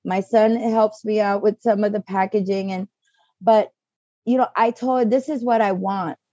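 A middle-aged woman with a mid-range voice chats casually as a podcast guest and client, speaking at a moderate pace in a lo-fi recording with no echo. She tells a story animatedly, acting out other people's voices.

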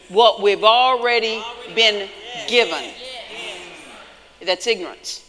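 A man preaching a sermon with emphatic delivery, rising to shouts at his peaks and telling stories in quoted voices. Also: high-pitched, animated, unhurried, crowd noise, background noise. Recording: long hall reverb.

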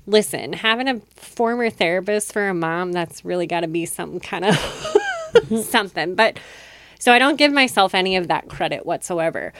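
A woman's voice: medium pitch, very animated, moderate pace, fairly bright tone, no echo. A woman in her thirties hosting a podcast, telling a personal story in casual chat, rambling, full of "like" and frequent laughs. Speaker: podcast host.

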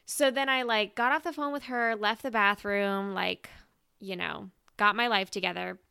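A woman in her twenties co-hosting a podcast, telling stories in an animated, emotional way with lots of "like". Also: medium pitch, moderate pace, creaky, clean tone, no room sound, clean studio sound. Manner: animated, emotional storytelling full of "like". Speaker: podcast co-host. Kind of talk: casual chat.

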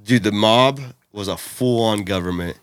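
A man's voice: lowish voice, moderate pace, clean tone, no room sound. A young man teasing his friend in casual chat, swearing and saying dude a lot.

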